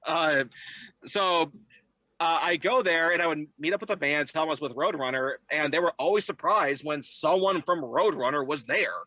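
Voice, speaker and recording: Young man, bright forceful voice, slightly high, dry close sound, animated storyteller in an interview. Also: normal speed, no echo. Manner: animated, jumps into high voices when quoting people. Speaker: guest.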